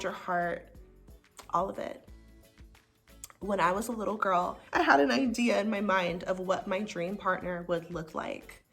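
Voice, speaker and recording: Over soft background music, a chatty, earnest young woman from the United States does casual, heartfelt storytelling as a spiritual vlogger. She speaks in a mid-range voice with a gravelly edge and fills her talk with frequent "like"s.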